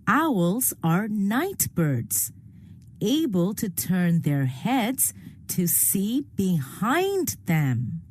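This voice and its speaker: A woman teacher with an Indian English accent narrating bird facts for young children, slow and clear. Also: medium pitch, sing-song, darkish tone.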